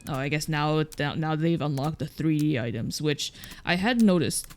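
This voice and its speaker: This is a streamer mumbling through loose, rambling let's play commentary on a painting game, with "like" filling nearly every pause. The speaking pace is normal.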